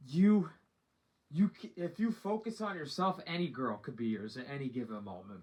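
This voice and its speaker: A young man telling a rambling, slang-heavy story from his own life in a casual storytime monologue, cursing freely as he goes. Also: medium pitch. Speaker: vlogger.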